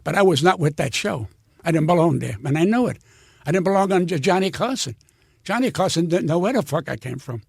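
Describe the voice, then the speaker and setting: Older male comic, blunt and profane storyteller, high animated voice, dry close sound. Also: a little fast, vocal fry, husky, no echo. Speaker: guest comedian. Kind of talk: storytelling interview.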